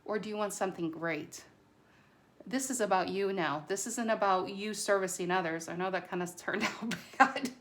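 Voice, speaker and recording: A woman does a casual tarot reading to camera, chatty and excitable but a little nervous, stumbling over her words. Her voice is mid-range and her speed normal.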